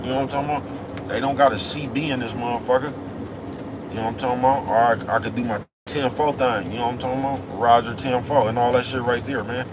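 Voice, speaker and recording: Behind the wheel of a big truck out on the road, a man rambles and preaches to his viewers in loose, slangy talk. His voice is medium in pitch with a fairly even intonation, and he speaks at a quick pace. Faint traffic noise hums in the background.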